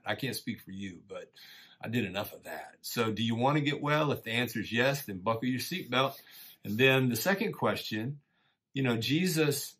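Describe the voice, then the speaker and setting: A middle-aged man teaching a church lesson in a relaxed, folksy way, encouraging listeners and often saying "man" and "you know.". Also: mid-range voice. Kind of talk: casual conversational sermon.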